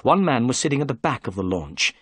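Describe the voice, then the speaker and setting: A man narrating a storybook in clear, expressive scripted narration. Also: medium pitch, fast, dry recording.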